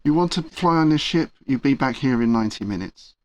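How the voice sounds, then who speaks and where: A man doing a gruff, curt freighter mechanic. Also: mid-range voice, animated, brisk, a little mellow, no room sound, close to an everyday voice.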